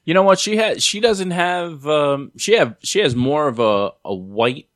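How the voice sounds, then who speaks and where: A man's voice: a little high, animated, a little slow, dry recording, studio quality. A man with a New York accent co-hosting a podcast, teasing and laughing through crude banter. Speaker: podcast co-host.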